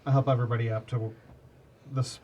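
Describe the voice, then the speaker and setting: Male player, casual, rambling, mid pitch, faint hiss. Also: little pitch movement, quick pace, mellow. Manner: rambling, restarts often. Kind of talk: casual tabletop play.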